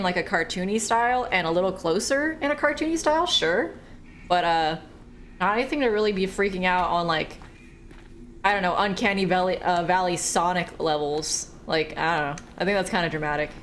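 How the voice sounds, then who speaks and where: A woman's voice: mid-range voice, a bit bright, slight background noise. A woman streaming a horror game, chatting casually, joking and swearing freely as she plays. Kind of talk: casual gaming commentary.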